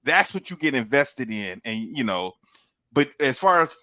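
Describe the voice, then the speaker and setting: A middle-aged man talking in a lively, swinging way, with a bright, sharp edge to his voice. He gives advice in loose casual chat and keeps repeating words. The sound is dry and close. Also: mid-range voice, moderate pace, no room sound. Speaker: podcast co-host.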